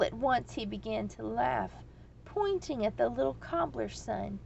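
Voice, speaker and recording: A woman reading a storybook aloud in a slow, measured way. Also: on the high side, animated, gravelly, darkish tone, breathy edge, highs cut off.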